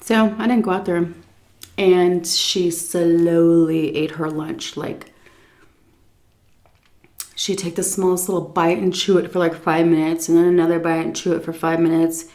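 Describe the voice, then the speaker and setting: A woman vlogger in casual storytime chat, animated, laughing often and acting out what people said. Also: lowish voice, measured pace. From United States.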